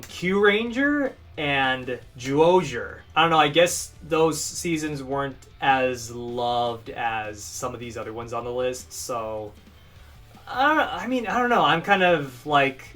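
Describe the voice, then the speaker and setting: A young man in casual, rambling fan commentary, gushing with frequent animated outbursts. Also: fairly high pitch. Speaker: fan channel co-host.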